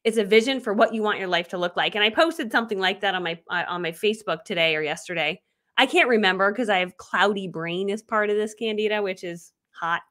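A woman's voice: mid-range voice, quick pace, fairly bright tone. A woman in her thirties, a business coach talking casually on a live video, bubbly and chatty with frequent laughs.

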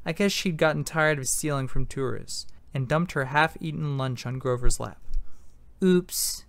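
Guy reading an audiobook chapter, kinda gravelly, slightly high voice, dry sound. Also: normal speed, fairly bright tone, no echo. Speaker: audiobook narrator. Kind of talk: amateur first-person audiobook narration.

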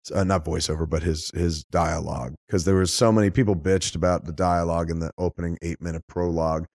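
Low-voiced profane podcast host. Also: male voice, fast, no echo. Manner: animated, profane, rambling. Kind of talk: casual chat.

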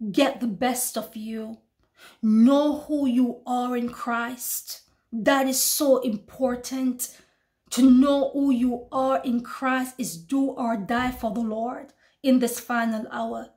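A woman's voice: a little high, steady tone, slow, a little mellow. A woman preacher giving a fervent testimony sermon, repeating phrases and calling out to her listeners. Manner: fervent, repeats phrases, addresses brothers and sisters.

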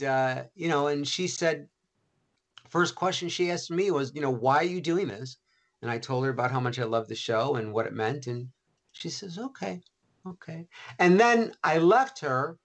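A man, an author and interview guest, telling animated anecdotes with many restarts. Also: fairly high pitch. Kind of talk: storytelling interview.

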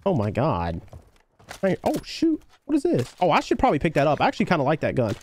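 A man's voice: on the high side, wildly swooping pitch, fast, a little mellow, slight background noise. A man live-streaming a shooter game, chatting with teammates and viewers in a hyped, slangy way, calling everyone baby and bro. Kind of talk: casual gameplay chat with teammates and viewers.

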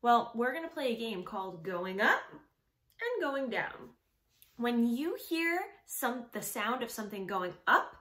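Preschool music teacher, young woman, bouncy and highly animated, asks the kids and answers herself. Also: roomy sound. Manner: slow, exaggerated, questioning children and answering for them. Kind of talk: sing-song lesson for small children. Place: home room.

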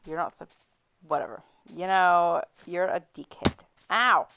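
A woman's voice: on the low side, measured pace, creaky, bright, forceful tone, slight background noise. A young woman streaming a survival game, bickering playfully with a friend and swearing freely as she plays. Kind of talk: casual gaming chat.

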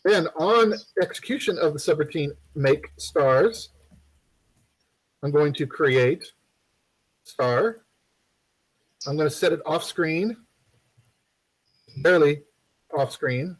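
A man's voice: a little high, expressive, slow, pauses often, husky, low-quality recording. A man giving a casual live-streamed game development tutorial, rambling and chatty with plenty of fillers and joking asides.

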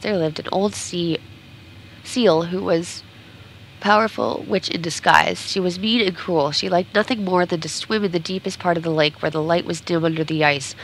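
A woman's voice: fairly low pitch, slight background noise, low-quality recording. A woman game streamer reading a storybook aloud during a playthrough, sometimes stumbling and correcting herself.

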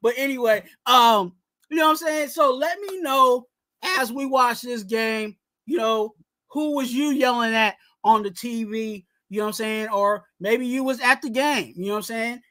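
A high-voiced man hosts a casual live sports stream and rants straight at the coach. His tone is bright and forceful, animated, and he keeps coming back to his catchphrase. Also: moderate pace. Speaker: host of a fan sports talk show.

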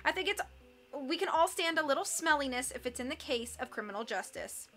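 A woman's voice: sits high, lively intonation, fairly quick, sharp tone, faint music behind. A woman doing a prim, lecturing banker man. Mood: stern.

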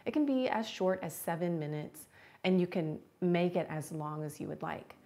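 A woman teaching a live-streamed beginner yoga class, giving gentle cues and chatting with viewers. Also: lowish voice, normal speed.

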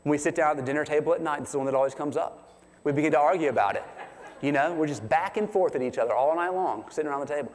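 A man preaching a sermon as pastor, chatty and animated, asking the congregation questions. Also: a little high, rapid-fire. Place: church sanctuary. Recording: long reverb of a large hall.

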